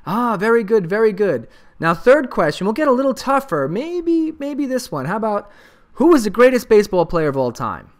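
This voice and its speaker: An eager dog owner quizzes his pet in a coaxing quizmaster manner, as a man puts him on while telling a joke. The voice sits high and lifts higher as the questions go on. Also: big pitch swings, moderate pace.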